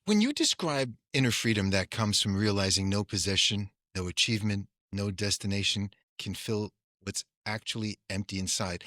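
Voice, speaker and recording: A man hosting a podcast, asking measured, reflective questions. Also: lowish voice, expressive, sharp tone, dry recording, studio quality. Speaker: podcast host. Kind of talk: podcast interview.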